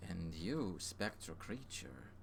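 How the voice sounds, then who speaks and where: A man playing a slow, courtly black bird. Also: low-pitched, sing-song, creaky, husky, full character voice. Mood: curious. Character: curious black bird, formal and wondering.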